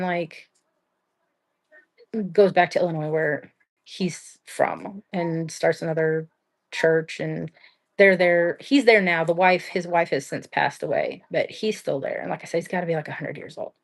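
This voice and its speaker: A young adult woman hosting a livestream, telling a true-crime story in a blunt, rambling way full of "like" and casual swearing. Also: lowish voice. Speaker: livestream host.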